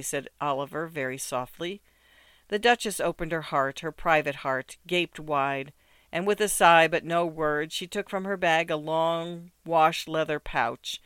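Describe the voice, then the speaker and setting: A man reads a literary story with measured, rhythmic phrasing, his smooth, resonant voice sitting slightly high. The sound is close and dry, with no room around it. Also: a bit bright, no room sound. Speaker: narrator. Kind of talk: scripted narration of a literary story.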